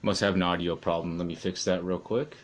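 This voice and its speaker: A man's voice: deep voice, steady tone, brisk. A man doing real estate cold calls on a live stream, chatting casually to his viewers between dials.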